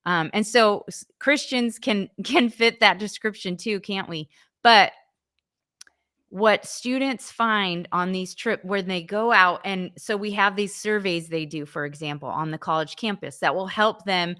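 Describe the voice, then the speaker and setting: Woman ministry leader, bright tense voice, earnest, keeps restarting. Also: medium pitch, unhurried. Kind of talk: interview answers.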